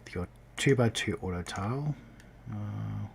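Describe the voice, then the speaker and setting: Low-voiced man rambling through a tutorial. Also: unhurried, creaky, a little hiss or hum. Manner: rambling, self-correcting, talking while working. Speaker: game developer streamer. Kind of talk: casual tutorial livestream.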